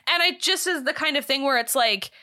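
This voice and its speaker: Outspoken bright-voiced woman podcaster. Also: high voice, brisk. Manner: outspoken, exasperated, swears. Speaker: podcast co-host. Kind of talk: casual chat.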